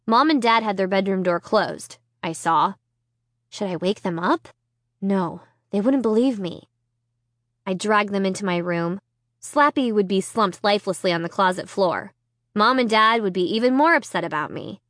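A woman narrating a children's chapter book in the first person, with tense, expressive reading. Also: mid-range voice, moderate pace, no room sound, clean studio sound. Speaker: audiobook narrator.

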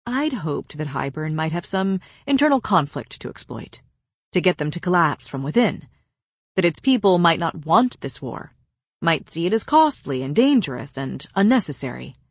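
A woman's voice: low-pitched, very animated, moderate pace, slightly rough, no echo, studio quality, heavily acted. A woman voicing a grim, grave male fae lord. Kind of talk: audiobook character voice.

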